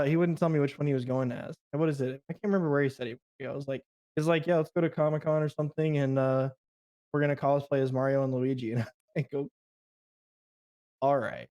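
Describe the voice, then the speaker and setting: A man's voice: mid-range voice, fairly even intonation, a little fast, pauses often, mellow. A man co-hosting a casual stream show, easygoing and rambling as he talks. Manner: easygoing, rambling, self-deprecating. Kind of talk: casual chat.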